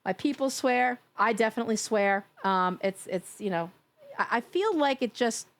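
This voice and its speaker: A woman's voice: a little high, moderate pace. A woman from New York chatting casually and teasingly with her viewers while live-streaming a game, laughing often.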